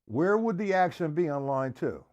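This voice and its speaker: A man's voice: a little high, very animated, normal speed, darkish tone, muffled recording. A man teaching a live-streamed drum lesson, counting beats aloud and asking viewers to respond.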